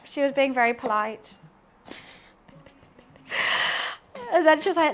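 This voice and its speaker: A young British woman chats casually while cooking on a livestream. Her high voice moves at normal speed, with long pauses and slight background noise. She rambles through excitable stories that keep trailing off into laughter.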